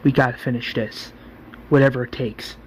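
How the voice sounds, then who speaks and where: A man's voice: medium pitch, steady tone, moderate pace, slight background noise, close to an everyday voice, rough recording. Man doing a grim, determined group leader.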